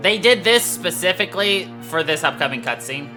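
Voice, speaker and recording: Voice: medium pitch, animated, normal speed, sharp tone. A game streamer giving casual, joking, self-mocking commentary and swearing freely. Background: game music.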